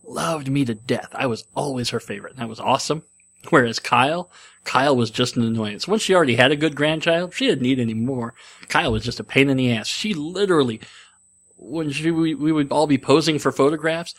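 A man's voice: medium pitch, expressive, fast, fairly bright tone. A man in his forties telling a long, digressive personal story in a casual, rambling way.

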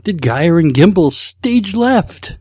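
A man's voice: high voice, very animated, takes it slowly, a little mellow, husky, dry recording, clean studio sound, voice pushed up, exaggerated voice. A man putting on a theatrical cartoon lion voice, a self-aware bad impression. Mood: hammy. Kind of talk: podcast impression.

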